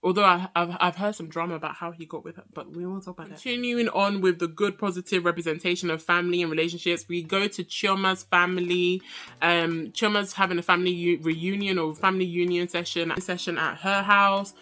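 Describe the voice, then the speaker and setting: A woman's voice: lowish voice, fairly even intonation, fairly quick, bright, forceful tone. Sassy chatty young woman reviewer. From Nigerian heritage. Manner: chatty, sassy, laughs often. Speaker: reality TV reviewer. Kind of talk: casual review chat.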